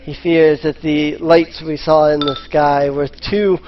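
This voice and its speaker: A man's voice: on the high side, flat delivery, slow, a little hiss or hum. A man doing a dismissive townsman in a tunic. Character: brusque male townsman in a tunic. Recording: slightly muffled voice chat.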